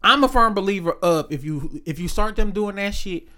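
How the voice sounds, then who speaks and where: A high-pitched man speaks at a moderate pace during a laid-back conversation. He is blunt and emphatic, telling stories and quoting the people involved.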